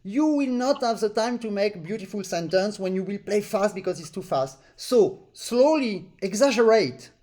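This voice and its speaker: Man, accordion teacher, high voice, non-native English, sings syllables to demonstrate, video call. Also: animated, normal speed, hardly any pauses, a little mellow. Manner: explains with sung syllables to demonstrate phrasing. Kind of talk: live online master class.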